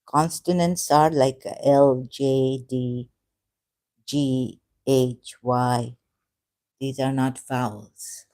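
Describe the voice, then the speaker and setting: A woman on a live stream, thinking aloud in a halting, hesitant way and correcting herself as she goes. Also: a bass voice, fairly even intonation, mellow, no echo.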